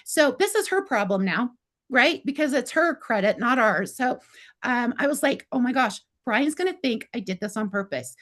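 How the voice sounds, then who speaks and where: A middle-aged woman with a high-pitched voice tells a long personal story in a relaxed, conversational way. She keeps acting out the dialogue, slipping into the voices of herself and others with "I was like" and "he's like.". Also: normal speed. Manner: animated, acts out quoted dialogue with lots of "I was like". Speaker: guest telling her story. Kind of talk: casual storytelling.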